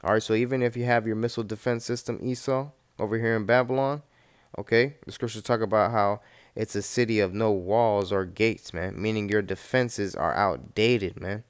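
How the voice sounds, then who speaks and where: Male preacher, low-pitched, casual street-sermon delivery, keeps saying "man" and "okay". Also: moderate pace, smooth. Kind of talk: scripture teaching.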